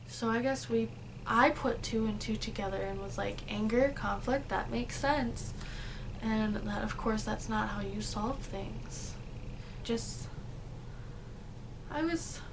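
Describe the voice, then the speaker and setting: A young woman speaking earnestly in a personal confessional vlog, halting and restarting as she talks. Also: a little high. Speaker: vlogger. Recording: noticeable background noise.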